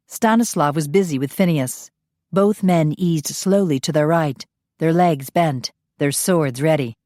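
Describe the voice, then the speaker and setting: Audiobook narrator, woman, low voice, dry close recording, measured reading. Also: darkish tone, dry recording. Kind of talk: scripted narration.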